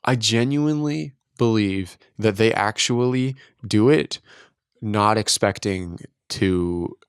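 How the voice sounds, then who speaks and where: A man's voice: lowish voice, takes it slowly, clean tone, dry recording, studio quality. Blunt, profane podcast co-host man. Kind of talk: casual late-night chat.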